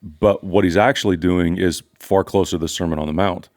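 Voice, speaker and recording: A man's voice: deep voice, fairly even intonation, fairly quick, a little mellow. An older man, a pastor, teaching from scripture in an earnest, emphatic conversational way. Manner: earnest, emphatic, repeats phrases for stress.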